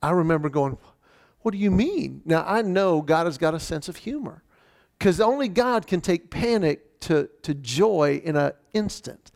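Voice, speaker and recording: Guy preaching a sermon, kinda high voice, lots of fry, stumbles and restarts words, earnest with dry jokes. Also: animated, normal speed, a little mellow. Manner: earnest personal storytelling with wry humor; frequent stammered restarts. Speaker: pastor.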